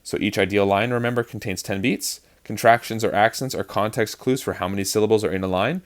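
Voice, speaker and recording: Low-voiced man teaching verse rhythm. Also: fairly even intonation, quick pace. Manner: explanatory, with frequent fillers and restarts. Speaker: acting teacher. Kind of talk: online lesson on verse speaking.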